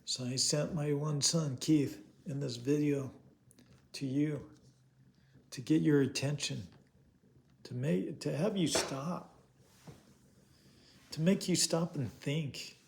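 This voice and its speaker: A man's voice: fairly high pitch, slow, creaky, long pauses. A man giving an informal sermon, earnest, asking rhetorical questions and repeating himself. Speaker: preacher.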